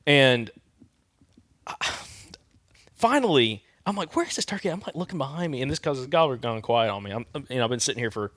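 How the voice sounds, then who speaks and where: Southern man telling a lively hunting story. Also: medium pitch, brisk, long pauses, no echo. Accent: Southern American. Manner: animated storyteller, imitates turkey calls and sounds. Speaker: podcast co-host. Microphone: studio microphone.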